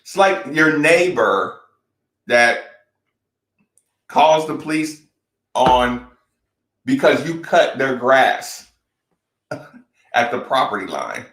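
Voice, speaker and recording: A man's voice: medium pitch, animated, drawn-out words, long pauses, fairly bright tone, echoey room. A man speaking bluntly and emphatically in a candid talk-show conversation, repeating his points and swearing freely.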